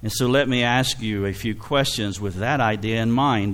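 Middle-aged male pastor, heartfelt sermon, tearful and warm with laughter. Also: on the low side, normal speed, few pauses. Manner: emotional, tearful storytelling with frequent laughs. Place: church.

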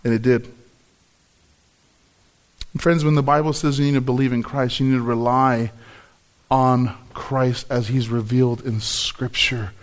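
A man's voice: medium pitch, fairly even intonation, a little slow, pauses often. A middle-aged man preaching a sermon, telling a personal story and acting out his own reactions. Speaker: pastor.

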